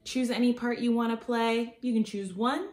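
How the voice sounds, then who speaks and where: A woman's voice: on the high side, fairly even intonation, moderate pace, a little mellow, reverberant. Upbeat woman counting beats for kids. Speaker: music teacher. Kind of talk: children's music lesson. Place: room at home.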